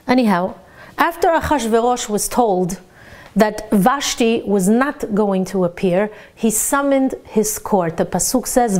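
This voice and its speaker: Animated woman giving a lively Torah lecture. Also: a little high. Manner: animated, rhetorical questions, Hebrew terms. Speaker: Torah teacher.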